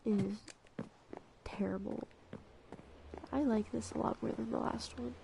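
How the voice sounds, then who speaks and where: A young woman rambling through a personal story, full of filler words, sometimes dropping to a soft whisper. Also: on the high side, fairly even intonation, brisk, gravelly, noisy background. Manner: drops to soft whispers at times. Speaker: gaming vlogger. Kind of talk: storytime while playing a game.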